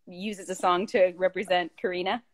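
A woman's voice: lowish voice, flat delivery, fairly quick. A woman hosting a casual phone live stream, bubbly and teasing as she reads viewer questions.

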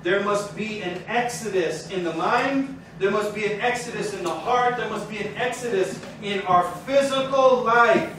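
Fired-up preacher guy, high voice, lots of echo, mic way across the room. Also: fairly bright tone, slight background noise. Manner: fervent, preaching with rising intensity. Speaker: Torah teacher. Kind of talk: sermon. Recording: very echoey room, mic far off.

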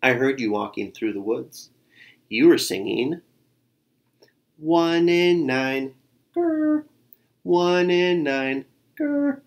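A man's voice: fairly low pitch, moderate pace, creaky. A man voicing a clever female black bird who is polite but scheming, in a storybook reading. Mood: sly.

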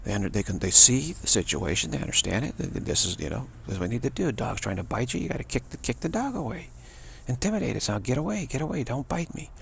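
A man's voice: sing-song, fast talker, creaky, few pauses, a little hiss or hum. A man giving a rambling spiritual talk, repeating himself and stammering on restarts. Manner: mocking high voices for quoted people. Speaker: spiritual teacher.

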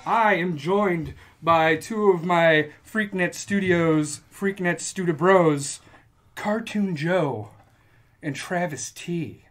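A man's voice: high voice, takes it slowly, a bit bright, slight background noise. A man hosting a podcast, joking and rambling through casual banter with his guests. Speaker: podcast host. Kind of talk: casual chat.

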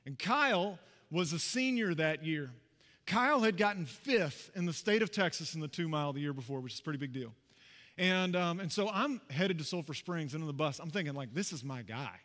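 High-voiced preacher telling a story. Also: male voice, a little fast, in a large hall. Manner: conversational, animated storytelling with asides to the congregation. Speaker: pastor. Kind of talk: sermon with personal story. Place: church sanctuary.

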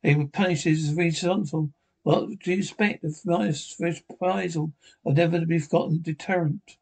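Male amateur reader, higher-pitched, rough gravelly voice; halting delivery with restarts. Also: steady tone, a little mellow. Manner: halting, stumbles and restarts words. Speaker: narrator reading all parts. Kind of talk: amateur reading of a TV episode script.

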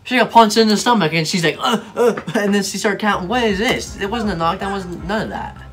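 A man's voice: high-pitched, fast talker, a bit bright. A young man giving casual reaction commentary, slangy, mocking and easily exasperated. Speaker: video reactor.

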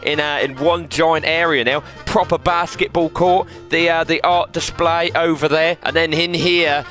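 A man's voice: fairly high pitch, steady tone, unhurried. A man narrating VR gameplay, bantering in a brash, laddish way with mock-gangster threats. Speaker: gaming channel host. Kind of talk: playful VR gameplay commentary. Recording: gameplay audio with loud music.

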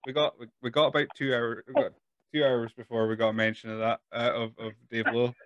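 A man hosts a podcast chat, easygoing and loose as he reads out listener questions. His mid-pitched voice sounds close and dry. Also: no echo, muffled recording. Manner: relaxed, reads listener questions, halting restarts. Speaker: podcast host. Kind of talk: casual interview.

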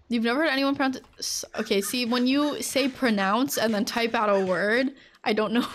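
A woman's voice: on the high side, moderate pace. A woman streaming a game live, chatting casually and rambling, with lots of fillers and frequent laughter. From United States.

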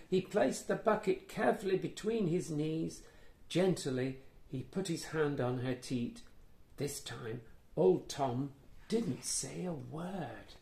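A man reading a children's picture book aloud in a playful, animated way, with gasps and asides to the listener. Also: on the high side, gravelly. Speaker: children's storyteller. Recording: echoey room.

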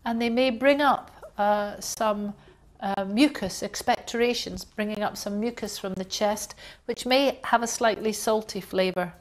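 A woman's voice: medium pitch, unhurried. Woman lecturing with acted-out coughs. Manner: explanatory, acts out coughs and gasps, uses fillers. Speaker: homeopathy lecturer. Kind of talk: recorded lecture.

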